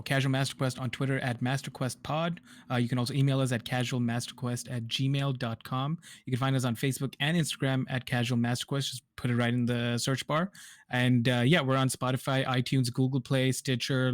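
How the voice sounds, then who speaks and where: Halting man hosting a podcast, dry sound. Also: medium pitch, little pitch movement, no echo. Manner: hesitant, lots of ums and restarts. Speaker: podcast host. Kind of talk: casual podcast chat.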